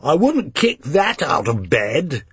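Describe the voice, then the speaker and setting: A man voicing a group of drunk, posh young English men who talk loudly, slur and mock. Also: a little high, very animated, slow, breathy edge, dry recording, voice pushed up, full character voice. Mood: leering, mocking. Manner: loud, slurring, mocking.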